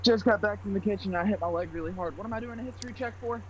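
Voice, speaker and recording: A man's voice: sits high, rapid-fire, fairly bright tone, dull audio, slight background noise. A man playing a tabletop game, blunt and joking in casual chat. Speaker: player.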